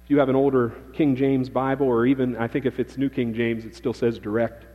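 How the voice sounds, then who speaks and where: A man's voice: mid-range voice, flat delivery, a little fast, warm tone. A man preaching a sermon to his church, emphatic and repeating key phrases for emphasis. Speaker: pastor. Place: church sanctuary. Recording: dull lo-fi with long church reverb.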